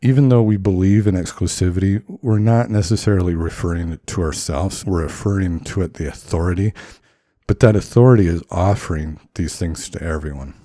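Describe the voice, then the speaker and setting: Deep-voiced man giving earnest faith talk. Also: fairly quick, mellow, no room sound, clean studio sound. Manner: earnest, encouraging. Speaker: religious podcast speaker. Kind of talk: reflective religious talk.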